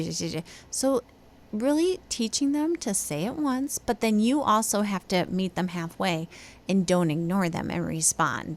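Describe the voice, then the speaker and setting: A woman in her thirties hosting a parenting podcast, giving casual advice in a chatty, animated way and acting out kids' and parents' voices. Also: medium pitch. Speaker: podcast host and teacher.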